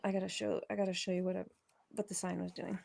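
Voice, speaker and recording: A woman's voice: fairly low pitch, quick pace, creaky. A woman co-hosting a casual podcast, telling a spooky story with lots of laughs and loose swearing. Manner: animated, laughing, swearing freely. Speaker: podcast co-host.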